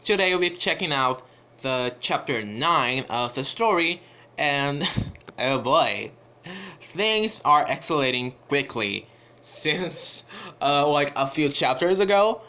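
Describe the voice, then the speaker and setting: A man hosting a story game playthrough, excitable and stammering, his voice jumping high when startled. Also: takes it slowly, clean tone. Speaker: gaming channel host. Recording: game music under voice.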